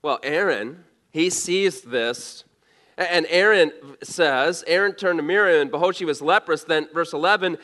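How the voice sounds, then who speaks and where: A male pastor delivers a sermon conversationally, posing rhetorical questions and frequently restarting his sentences. His voice is fairly high, bright and forceful, at a moderate pace.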